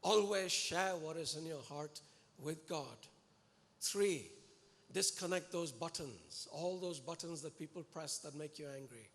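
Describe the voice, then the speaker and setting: A man preaching a sermon to a congregation, earnest and animated, pleading and exhorting his listeners. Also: a little high, measured pace. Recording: echoey hall with long reverb.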